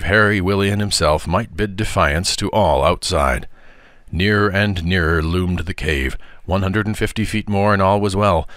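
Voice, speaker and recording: Deep-voiced man reading a storybook. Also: no echo, studio quality. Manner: measured and expressive. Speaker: father reading aloud. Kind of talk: audiobook narration of a novel.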